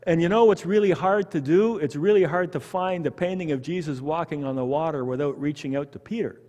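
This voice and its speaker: A Canadian man teaches a Bible study in an animated, conversational style, often putting questions to his group. His voice sits high for a man. The room adds a long, lingering reverb. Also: brisk. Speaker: pastor leading Bible study. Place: church hall.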